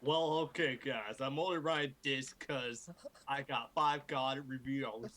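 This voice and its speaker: For a livestream recorded at home, a man reads fan fiction to a group for laughs, hamming it up in mock-dramatic fashion and pausing to joke and swear. His voice is medium-pitched, steady and fairly bright, a little slow, and the recording is rough.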